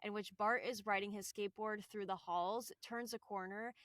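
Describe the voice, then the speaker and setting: A woman's voice: mid-range voice, steady tone, moderate pace, a bit bright, dry recording, clean studio sound. A woman co-hosting a casual podcast chat, enthusiastic and laughing often as she acts out lines. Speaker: podcast co-host.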